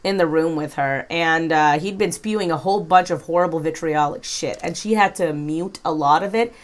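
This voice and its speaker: A woman with a slightly low voice delivers reaction commentary. She speaks bluntly and frankly and swears freely. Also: moderate pace. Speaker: commentary YouTuber.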